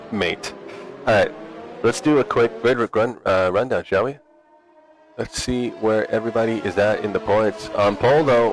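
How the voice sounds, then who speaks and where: Low-voiced man commentating sim racing. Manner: relaxed, chatty, teasing. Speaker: race commentator.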